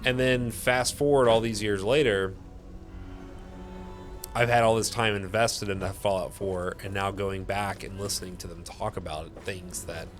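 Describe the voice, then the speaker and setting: Pitched on the low side yet fairly bright, a weary streamer offers easygoing commentary on his gameplay. He drifts along sleepily, swearing often and breaking into laughter readily.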